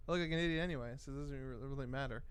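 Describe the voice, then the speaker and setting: A man's voice: mid-range voice, smooth. A young man hosting a casual late-night livestream, reading chat aloud and rambling with plenty of swearing. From Cuban. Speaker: livestream host.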